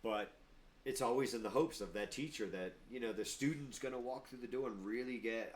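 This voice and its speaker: A man's voice: medium pitch, fairly quick, slight background noise. A middle-aged man, a martial arts instructor and gym owner, chatting casually on a podcast and acting out quoted voices with emphasis.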